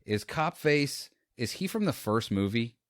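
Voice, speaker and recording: A man co-hosting a podcast, chatting casually about a movie and retelling scenes in a rambling, animated way. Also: mid-range voice, unhurried, no room sound, studio quality. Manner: rambling, animated retelling with quoted lines and laughs. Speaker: podcast co-host. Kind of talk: casual movie review chat.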